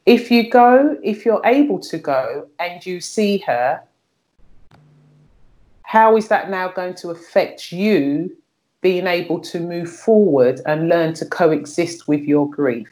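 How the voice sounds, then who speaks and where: A middle-aged woman with a notably low voice talks candidly as a guest. She is frank and earthy, often doubling back on her words, and she keeps a plain conversational tone. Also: takes it slowly, darkish tone. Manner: frank and earthy, repeats words while searching for them.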